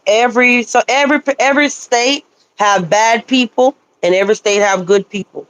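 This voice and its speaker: A woman's voice: a little high, expressive, fairly quick, dry recording. A woman hosting a casual livestream chat, blunt and scolding as she talks. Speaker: livestream host.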